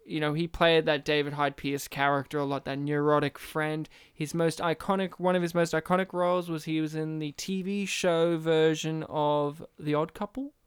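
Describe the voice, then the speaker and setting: A man's voice: on the high side, little pitch movement, moderate pace, few pauses, clean tone, no echo, clean studio sound. A man co-hosting a casual film chat podcast, chatty and laughing often, with many fillers. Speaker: podcast co-host.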